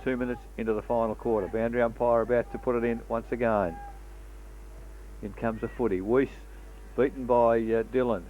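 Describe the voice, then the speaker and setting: On a dull, lo-fi local radio broadcast, a football commentator with an Australian accent talks through the game at a medium pitch, with a bit of noise in the background. His style is relaxed and chatty, and he fills pauses between play calls with "uh."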